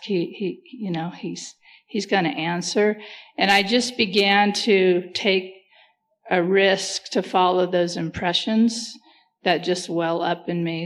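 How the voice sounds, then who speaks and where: A woman talking earnestly and reflectively in a casual faith discussion, thinking aloud as she goes. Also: mid-range voice.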